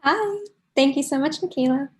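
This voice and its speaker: A woman doing an online stand-up comedy set from New York, chatty and observational with quick asides. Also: high voice, animated, darkish tone.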